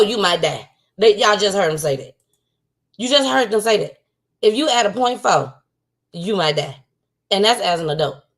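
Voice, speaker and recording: A woman's voice: on the high side, creaky. A woman hosting a casual livestream talk show. She talks outspokenly and repeats points for emphasis.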